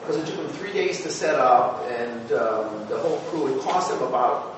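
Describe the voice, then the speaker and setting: Man telling stories in an echoey hall. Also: mid-range voice. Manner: animated storytelling, halting with fillers and restarts. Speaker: former TV news producer giving a talk. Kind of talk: anecdotal talk to an audience. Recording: echoey hall, voice from far off with noise.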